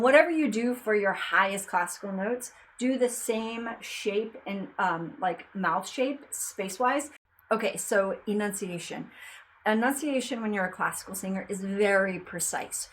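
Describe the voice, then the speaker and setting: Casual female vocal coach, bright forward voice, talks loosely and sings short demos. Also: mid-range voice, slight background noise, poor audio. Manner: chatty, demonstrates sung notes between explanations. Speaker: singing teacher. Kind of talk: casual vocal lesson with sung examples.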